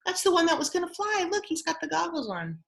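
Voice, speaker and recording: A young adult woman, a music therapist, telling a silly story and teaching young children in a slow, exaggerated, playful way with gasps and exclamations. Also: very high voice, sing-song, creaky. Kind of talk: sing-song children's lesson and storytelling.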